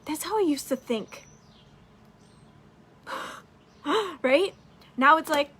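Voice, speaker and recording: A woman's voice: sits high, slow, long pauses, fairly bright tone. A woman business coach giving a casual, upbeat motivational talk, swearing freely and talking straight to her listeners.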